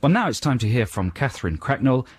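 A man in his thirties co-hosting a radio show in casual banter, playful and quick to mimic voices. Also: mid-range voice, big pitch swings, breathy edge. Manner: playful, puts on silly voices mid-story. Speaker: radio co-host. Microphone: studio microphone.

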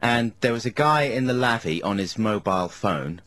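A man's voice: fairly low pitch, expressive, normal speed, fairly bright tone. A man co-hosting a radio show, telling rambling, self-mocking anecdotes in casual banter. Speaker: radio co-host.

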